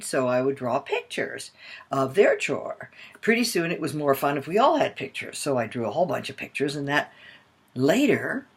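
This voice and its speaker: Older woman, husky voice, animated pitch, expressive storytelling to moms. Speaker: parenting coach.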